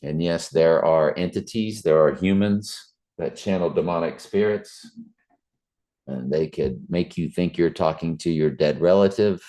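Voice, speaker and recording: A middle-aged man who hosts a Bible study channel offers a casual spoken reflection in a low, warm voice at a measured pace. He comes across earnest and preachy, with fillers and restarts.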